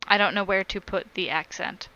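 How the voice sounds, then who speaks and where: A woman's voice: mid-range voice, normal speed, sharp tone, no room sound, highs cut off. A woman on a crochet live stream, chatting casually as she reads viewer comments aloud and answers them.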